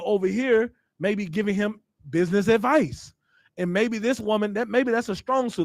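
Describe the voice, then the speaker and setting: A man's voice: high-pitched, no echo, studio quality. A man giving a stern, emphatic scripture lesson as a religious teacher.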